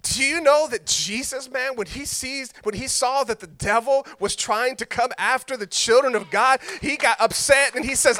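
Male pastor, very high voice with a bright edge, casual joking sermon delivery. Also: normal speed, few pauses. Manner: conversational, joking storyteller.

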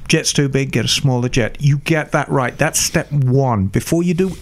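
Against slight background noise, the older English mechanic speaks at a medium pitch and normal speed. An expert on motorcycles, he confidently lays out carburetor tuning step by step in an easygoing chat.

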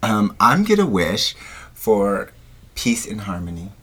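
Man, low voice, husky, dry teasing podcast co-host, closet studio. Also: big pitch swings, takes it slowly, fairly bright tone. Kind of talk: casual comedic chat.

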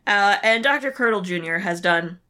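A woman co-hosting a chatty recap podcast, her bright voice swinging all over the place in pitch. She talks casually and animatedly, laughing as she goes and slipping into the characters' lines. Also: animated, brisk. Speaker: podcast co-host.

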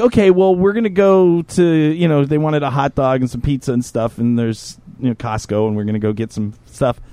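A man hosting a podcast, telling stories in a profane, animated casual chat. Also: medium pitch, dry recording. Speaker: podcast host.

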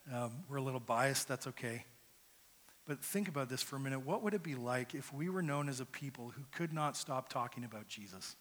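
A pastor preaches a sermon in a church sanctuary, earnest and conversational, often repeating words as he starts a phrase. His mid-range voice is a little fast and fairly bright, and the recording has a long hall reverb.

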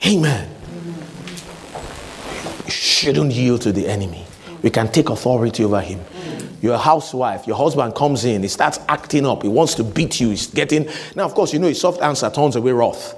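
A man's voice: medium pitch, lively intonation, moderate pace. A man preaching a sermon, emphatic and given to repeating his key lines.

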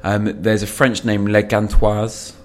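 A man's voice: fairly low pitch, completely flat delivery, slow pace, a little hiss or hum. A man from England chatting casually about football as a co-host, dry and jokey, reading out club facts. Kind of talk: casual chat.

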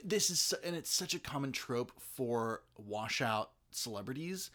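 A man's voice: mid-range voice, lively intonation, unhurried, few pauses, a bit bright. Rambling man in casual chat. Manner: rambling, many fillers and restarts. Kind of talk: casual film discussion.

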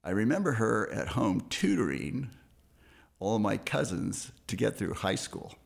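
An older man calmly telling a story about his family. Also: fairly low pitch, measured pace, creaky. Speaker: caller sharing a tribute. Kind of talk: casual storytelling.

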